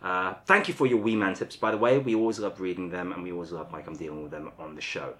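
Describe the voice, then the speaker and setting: A man's voice: low-pitched, quick pace, a bit bright. A man hosting a casual podcast, rambling a bit with lots of fillers as he wraps up the episode. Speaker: podcast host.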